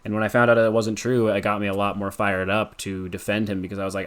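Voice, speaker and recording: A young man from Colorado answers a podcast host's questions in a loose, rambling way, full of ums and likes. His voice sits a bit low and sounds clean and smooth. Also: flat delivery, quick pace, few pauses. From Colorado, USA. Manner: rambling, with many fillers and likes. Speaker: podcast guest. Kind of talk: casual interview answers.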